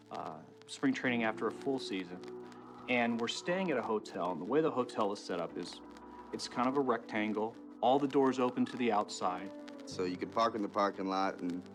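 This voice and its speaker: A man in his twenties giving halting, reflective testimony about surviving a robbery, in a documentary interview. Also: lowish voice, over music, low-quality recording. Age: 20s. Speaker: survivor telling his story.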